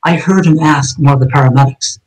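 A man's voice: a little high, steady tone, fairly quick, poor audio. A man, a police officer, telling his own story in a conversation, blunt and emphatic with heavy cursing.

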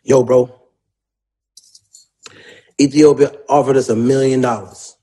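A man's voice: mid-range voice, steady tone, slow, mellow. A man, a songwriter, in a casual interview, telling his story animatedly with plenty of slang and profanity.

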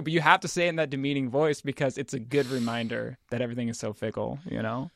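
A man talks as a podcast guest in a mid-range voice, thinking out loud in a rambling, reflective way. He uses plenty of filler words, and the sound is dry and close. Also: medium pitch, steady tone, fast, gravelly, dry recording. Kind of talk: casual chat.

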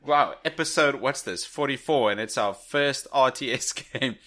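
A man's voice: medium pitch, normal speed, bright, forceful tone. A man co-hosting a podcast, chatty and laughing often through casual chat. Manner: chatty, laughs while talking. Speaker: podcast co-host.

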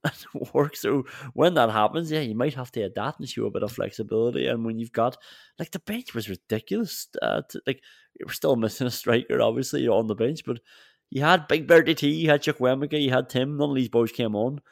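A man's voice: mid-range voice, fairly quick, creaky, dry recording, studio quality. A man co-hosting a football podcast, chatting casually with laughs and restarts. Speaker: podcast co-host.

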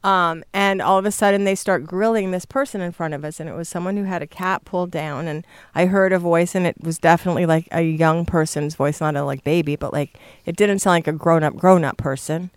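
A woman's voice: lowish voice, steady tone, fairly quick, hardly any pauses, smooth, no room sound. A middle-aged woman, a guest on a casual podcast, telling a long rambling story and losing her thread. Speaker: guest, mother of the host.

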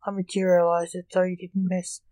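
A woman's voice: fairly low pitch, little pitch movement, moderate pace, warm tone, dry recording, studio quality, lightly acted. A woman reading the lines of a curt, irritable male coroner in a story. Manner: curt and snappish.

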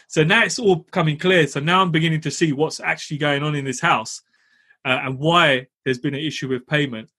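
Husky-voiced man telling a story. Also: on the high side, a little fast. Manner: animated, laughs while telling, swears casually. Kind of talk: casual storytelling.

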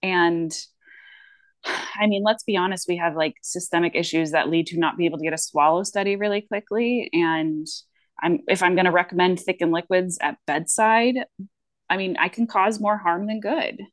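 A woman's voice: on the low side, moderate pace, dry recording. A woman speech-language pathologist in casual podcast chat, rambling with frequent fillers and restarts.

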